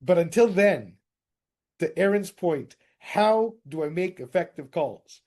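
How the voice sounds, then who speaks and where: Direct, energetic male sales coach. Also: high-pitched, measured pace. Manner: direct, energetic, addresses group as guys. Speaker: real estate sales coach. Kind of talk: coaching session lecture.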